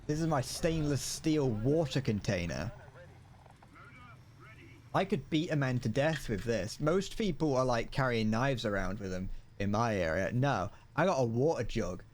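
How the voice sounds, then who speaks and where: A man's voice: mid-range voice, lively intonation, a little slow, slight background noise. A British man in his twenties, chatting and joking through a live gaming stream in a rambling, playful way. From Britain. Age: 20s. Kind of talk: casual gaming commentary. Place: home room.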